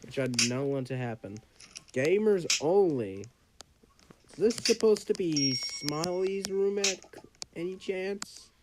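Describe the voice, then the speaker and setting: A young man streaming a game, chatting and reacting with sudden loud yelps. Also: fairly high pitch, animated, slow pace, background noise. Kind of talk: casual gameplay commentary. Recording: game music playing behind.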